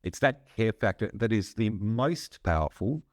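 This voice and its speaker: A man, a psychologist and consultant explaining ideas in a measured, conversational way with frequent hesitations. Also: fairly low pitch, lively intonation, no echo, clean studio sound. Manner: measured, frequent "um" and restarts, occasional laugh. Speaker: psychologist and consultant, podcast guest.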